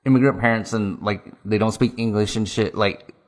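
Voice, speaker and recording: A man's voice: fairly low pitch, fairly even intonation, moderate pace. A young man co-hosting a podcast, talking bluntly in slang with heavy swearing. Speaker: podcast co-host. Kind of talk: casual chat.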